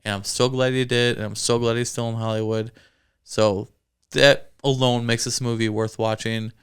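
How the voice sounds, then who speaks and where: A man's voice: medium pitch, level tone, moderate pace, fairly bright tone, clean tone. A man co-hosting a casual movie review chat, laughing easily as he talks. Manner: chatty, laughs often. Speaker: podcast co-host.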